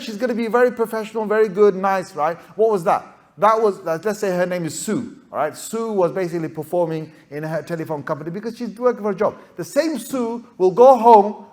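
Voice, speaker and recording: A man speaking as an Islamic scholar to young students, animated and rhetorical, often checking in with "right?" and acting out everyday characters. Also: sits high. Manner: acts out everyday characters with playful voices. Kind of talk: lively talk to a youth audience.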